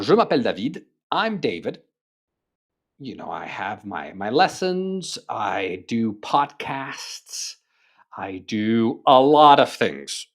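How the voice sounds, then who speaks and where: A man teaching an online lesson, enthusiastic and checking in with the learner often. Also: mid-range voice. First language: French. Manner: enthusiastic, switches between English and French, many "right?" check-ins. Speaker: French teacher.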